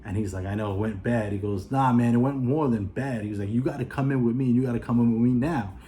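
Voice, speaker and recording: A movie reviewer with a New York accent casually retells a film's plot, animatedly acting out the characters' lines. He speaks fast in a mid-range voice.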